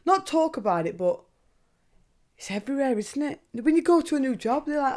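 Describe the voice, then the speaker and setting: A young woman hosting a podcast, talking casually and candidly, swearing freely and asking herself questions out loud. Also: high voice, expressive, brisk. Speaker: podcast host. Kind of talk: casual monologue.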